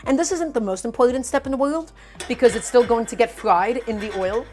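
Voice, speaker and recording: A woman with a fairly high voice runs a live cooking stream from her home kitchen. She speaks with emphatic, animated energy, often repeating her instructions. Faint music plays softly underneath her voice. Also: a little fast. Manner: emphatic and animated, repeats herself, calls viewers "my friends". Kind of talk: live cooking demonstration, chatting with viewers.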